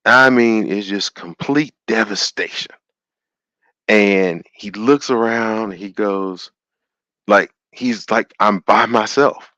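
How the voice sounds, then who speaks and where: A man hosting a call-in show, retelling a story in an animated, sermon-like way and acting out the quotes. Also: on the low side, slow, no echo, highs cut off.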